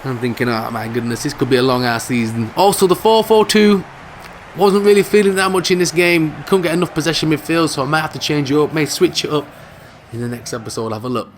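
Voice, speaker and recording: A man with a fairly high voice talks quickly over his own football video game, joking around casually. As a gaming video host, he keeps the football banter animated and light. A little background noise sits under the recording.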